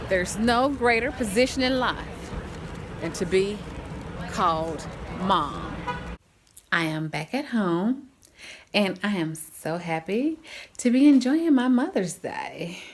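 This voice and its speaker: A woman vlogging casually to the camera, chatty and animated, often laughing and using folksy, churchy phrasing. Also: mid-range voice, takes it slowly, pauses often, noisy background. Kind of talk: casual vlog talk to camera.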